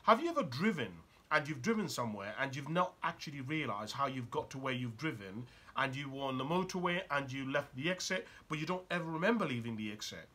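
A man's voice: medium pitch, lively intonation, fairly quick, hardly any pauses, sharp tone, breathy edge. A man talking as a life coach in a motivational monologue, firing off emphatic rhetorical questions.

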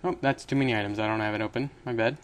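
Racing along in a fairly low-pitched voice, a young man hosts a casual screen-recorded coding tutorial. He rambles, corrects himself as he goes, and keeps things chatty with little laughs.

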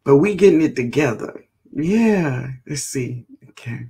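A woman's voice: rumbling low, animated, a little slow, dark tone, breathy edge. A woman hosting a gardening live stream, chatting casually and greeting viewers by name.

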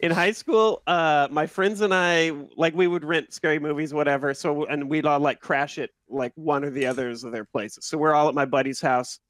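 A man's voice: fairly high pitch, normal speed, hardly any pauses, no echo, studio quality. A young man, the channel host, telling a story in casual chat with friends. He acts out the scenes as he goes. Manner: animated, acts out screams while telling a story.

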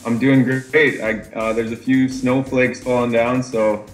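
Easygoing Canadian man, relaxed answers. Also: mid-range voice, a little slow, faint music behind. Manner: easygoing, laughs often, many fillers. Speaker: pro mountain bike rider. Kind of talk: casual interview answers.

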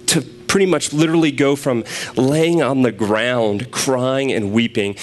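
A young man preaching a sermon, retelling a scripture passage in a conversational, animated storytelling way. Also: medium pitch, slight background noise.

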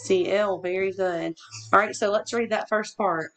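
A woman leads a one-on-one reading lesson at an ordinary pitch. She prompts patiently with question after question and answers with quick praise. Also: fairly even intonation, faint music behind. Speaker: teacher.

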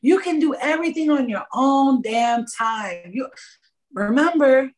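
A woman in her thirties, a podcast guest and energy coach, talking about spirituality in an animated, preachy and profane way. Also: high voice, a little slow. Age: 30s. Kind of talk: casual spiritual podcast talk.

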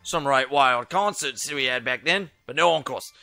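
A man voicing a brooding young male punk rock singer in a game, with a deliberately bad put-on British accent. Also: mid-range voice, creaky, pushed and bright, no room sound, faint music behind. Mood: gruff. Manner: wistful, with a put-on British accent done badly.

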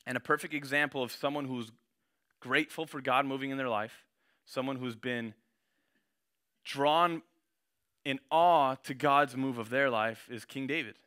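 A man's voice: medium pitch, moderate pace, pauses often, pushed and bright, clean tone. A young man giving a casual sermon, slangy and conversational, reading scripture with rising intensity.

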